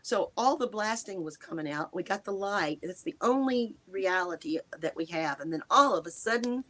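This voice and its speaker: A woman in her 60s from the United States appears as an interview guest, telling the emotional, first-person story of a personal encounter. She is halting and earnest, restarting sentences and speeding up or slowing down, while her dry mouth catches on words. Her voice is medium-pitched, a bit bright, with lively intonation.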